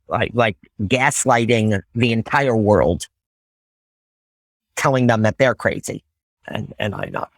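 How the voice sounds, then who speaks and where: A man's voice: lowish voice, expressive, takes it slowly, long pauses, fairly bright tone, no echo. A young man telling his recovery story to a group, swearing bluntly and acting out old conversations as he speaks. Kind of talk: candid personal testimony in a group.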